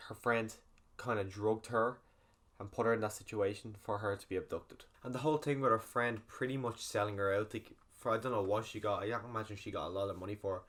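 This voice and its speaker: Man, quick rambling talk, lowish voice, casual film review. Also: a bit bright. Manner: rambling, filler-heavy plot recap. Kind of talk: casual spoiler review, retelling the plot.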